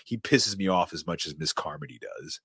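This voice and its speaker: Low-voiced man excitedly recapping a film. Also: a little fast, slightly rough, no room sound. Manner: excited storytelling, retelling scenes. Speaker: podcast host. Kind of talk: casual film recap chat.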